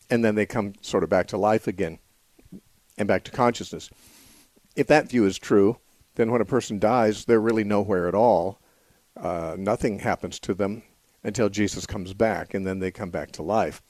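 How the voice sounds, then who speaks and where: Speaking into a studio mic in a dry recording, a man with a lowish, slightly mellow voice answers Bible questions on his call-in show. He works through each explanation calmly, pausing to restart as he reasons aloud.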